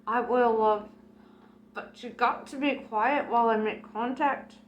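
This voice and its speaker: A woman's voice: fairly high pitch, steady tone, a little slow, roomy sound, lo-fi sound, slight background noise, natural voice. Woman doing a showy fake medium. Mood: soothing. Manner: showy, dramatic séance delivery. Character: theatrical fake medium woman, middle-aged.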